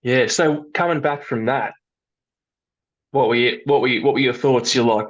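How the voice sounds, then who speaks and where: A man hosting a podcast, asking questions in a relaxed way and laughing along. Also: mid-range voice, normal speed, pauses often, lo-fi sound. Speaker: podcast host. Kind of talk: casual interview.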